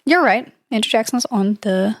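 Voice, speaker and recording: A woman's voice: on the high side, normal speed, no echo, studio quality. Chatty woman retelling a ghost story. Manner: chatty, hedging, reads from notes with frequent likes and I don't knows. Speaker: podcast co-host. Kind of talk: casual storytelling chat.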